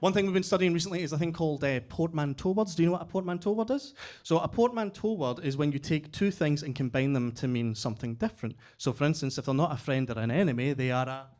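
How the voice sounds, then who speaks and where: A Glaswegian man in his thirties performing a crude, deadpan stand-up set in a basement comedy club. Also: on the high side, fast talker, hardly any pauses. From Scotland. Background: audience laughter.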